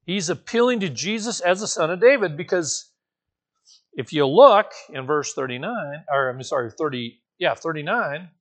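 A man's voice: high-pitched, a bit bright. A man preaching a conversational sermon, correcting himself as he goes and rising now and then to emphatic, raised passages. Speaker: pastor.

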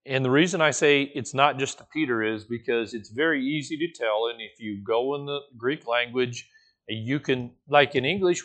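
Conversational preacher man, informal and animated. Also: mid-range voice, normal speed. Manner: informal and animated, with playful asides and light laughs. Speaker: pastor teaching a Bible study. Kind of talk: conversational sermon.

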